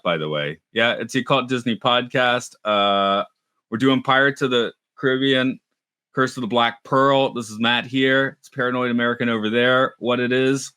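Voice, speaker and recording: A man's voice: medium pitch, fairly even intonation, moderate pace, pushed and bright, clean tone, dry recording, clean studio sound. A man co-hosting a podcast in casual chat, talkative, often laughing and restarting his sentences. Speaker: podcast co-host.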